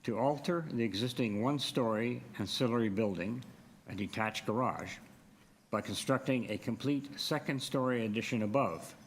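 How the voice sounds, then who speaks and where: A man's voice: medium pitch, moderate pace, slight background noise. A man chairing a public hearing, speaking in a formal, procedural way. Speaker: committee chair. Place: council hearing room.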